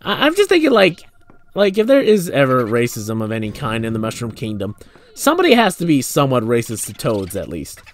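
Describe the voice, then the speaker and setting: A man's voice: medium pitch, huge pitch swings, brisk. A young man casually commentating a video game, rambling and joking with lots of fillers. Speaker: gameplay commentator. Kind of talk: casual let's play commentary.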